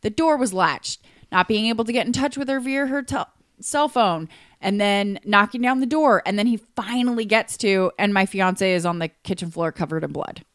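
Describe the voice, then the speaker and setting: A woman's voice: medium pitch, moderate pace, dry recording, studio quality. A woman casually recounting a true crime case on a podcast, chatty, with lots of restarts and fillers. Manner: chatty, many likes and restarts. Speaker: podcast co-host.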